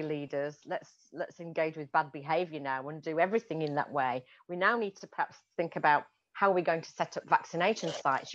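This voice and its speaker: A woman, an executive coach and host, chatting enthusiastically over a video call and laughing often. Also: on the low side. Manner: enthusiastic, laughs often, restarts mid-phrase. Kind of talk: casual conversation. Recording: muffled lo-fi audio.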